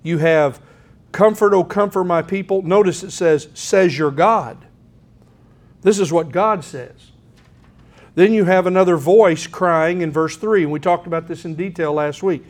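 Middle-aged pastor, man, folksy and earnest, somewhat high-pitched. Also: measured pace. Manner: folksy, earnest, clears throat often. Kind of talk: sermon.

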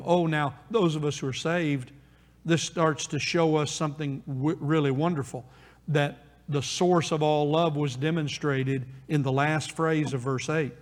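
Guy preaching in church, pretty high voice, lots of repeating and slowing down on the big lines, echoey hall. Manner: preaching with emphatic repetition and rising, slowing phrases. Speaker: pastor. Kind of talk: sermon. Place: church sanctuary. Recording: long reverb of a church hall.

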